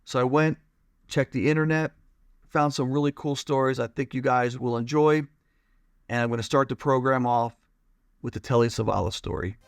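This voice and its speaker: A man's voice: medium pitch, moderate pace, clear, resonant tone, no room sound, studio quality. A man hosting a podcast, giving a casual, chatty introduction. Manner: relaxed, chatty. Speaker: podcast host.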